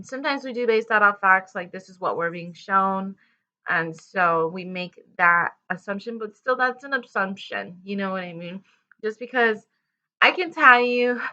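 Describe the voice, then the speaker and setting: A woman's voice: mid-range voice, pushed and bright, lo-fi sound. A woman giving a casual tarot love reading to her viewers, talking in a rambling way with fillers and restarts. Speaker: tarot reader.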